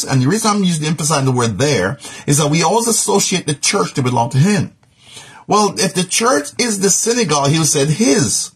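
A man's voice: medium pitch, slightly rough. A man teaching a live Bible study, emphatic, repeating key words and asking rhetorical questions.

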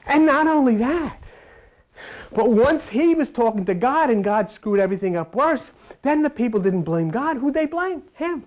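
A man preaching an informal sermon in a folksy, animated storytelling way, acting out characters and croaking like a frog. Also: moderate pace. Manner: animated, folksy storytelling with sudden pitch swings; mimics frog croaks and plays out quoted characters.

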